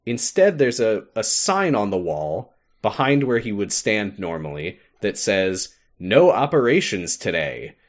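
A young man co-hosting a podcast, casually recapping a game's story with animated retelling and frequent laughter. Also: lowish voice, unhurried. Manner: animated storytelling, laughs often, acts out lines. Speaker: podcast co-host. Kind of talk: casual chat recapping a game.

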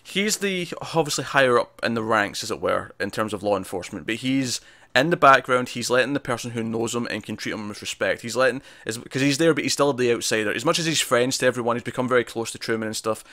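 A man's voice: medium pitch, fast, sharp tone, dry recording, clean studio sound. A man co-hosting a casual review chat, talking in an analytical way with lots of restarts. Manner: chatty, analytical, frequent restarts. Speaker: podcast co-host.

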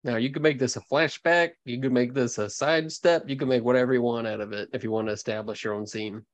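A man's voice: mid-range voice, fairly even intonation, fast, dull audio. Casual game master man. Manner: explanatory, casual. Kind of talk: running a tabletop game.

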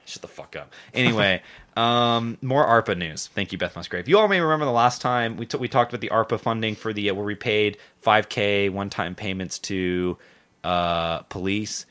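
A man's voice: lowish voice, moderate pace, fairly bright tone, smooth. A man hosting a podcast, rambling sarcastically and swearing a lot as he chats about local news. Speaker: podcast host. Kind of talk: casual profane local-news chat.

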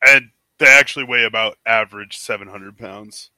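A man co-hosting a podcast who drops wry, deadpan asides. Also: on the low side, normal speed, no echo. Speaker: podcast co-host. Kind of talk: casual podcast chat.

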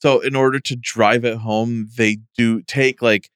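A man hosting a casual podcast, speaking in a relaxed, measured way. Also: mid-range voice, clear, resonant tone, no room sound, studio quality. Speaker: podcast host. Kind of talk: casual chat.

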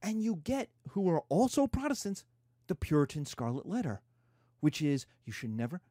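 A man's voice: on the high side, very animated, normal speed, darkish tone, no echo, studio quality. A man giving a casual, irreverent history lecture, acting out quotes in slangy voices.

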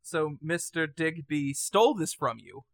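A man's voice: fairly high pitch, animated, a little slow, vocal fry, no echo, studio quality. A man playing a tabletop game character in an overly polite, formal way, hesitating with frequent ums. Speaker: player. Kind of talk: in-character tabletop role-play.

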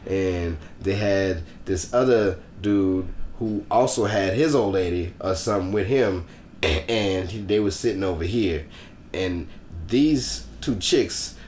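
A man, co-hosting a podcast and telling a story in a profane, animated way, acting out shouts. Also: deep voice, slow, a little hiss or hum. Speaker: podcast co-host. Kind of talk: casual storytelling chat. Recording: echoey room.

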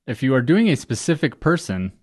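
A man co-hosting a casual podcast, making wry, deadpan remarks. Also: medium pitch, brisk, slightly rough. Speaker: podcast co-host. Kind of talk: casual chat.

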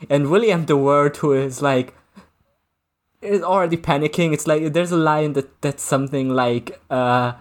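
A podcast co-host in a casual book discussion who talks haltingly, restarts sentences often and sounds amused. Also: medium pitch.

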